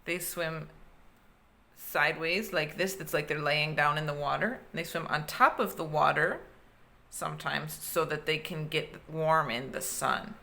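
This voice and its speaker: A woman's voice: low-pitched, steady tone, unhurried, vocal fry, sharp tone. A young woman teacher reading a picture book aloud to children, stopping to explain new words.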